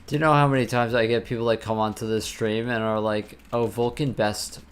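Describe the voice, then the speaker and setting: A man's voice: on the low side, steady tone, quick pace, clean tone. A man live-streaming while programming, chatting casually and ranting with lots of swearing and filler words.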